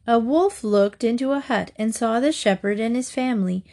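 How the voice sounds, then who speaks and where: A woman storyteller reading short fables aloud in a measured, deliberate way. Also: fairly high pitch, a little mellow.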